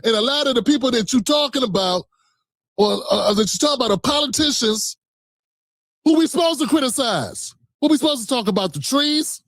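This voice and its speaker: A man's voice: very high-pitched, expressive, brisk, fairly bright tone, no room sound, studio quality. A man streaming a reaction, talking back to a clip in a combative, profane, mocking way. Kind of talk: heated reaction commentary.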